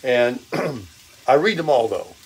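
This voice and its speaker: An older man hosting a casual vlog while cooking in his camper, upbeat and self-amused, his voice a bit hoarse with frequent throat clearing. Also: mid-range voice, very animated, takes it slowly, low-quality recording. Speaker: vlog host. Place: camper kitchen. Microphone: phone on a selfie stick. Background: bacon frying.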